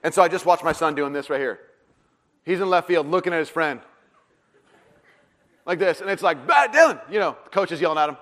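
This middle-aged pastor's voice is fairly high and a little fast, broken by long pauses. His sermon features self-deprecating storytelling with animated, acted-out voices, heard through a long hall reverb.

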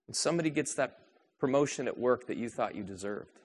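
Male pastor, sermon delivery, rhetorical questions, soft to raised. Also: medium pitch, expressive, brisk, breathy edge.

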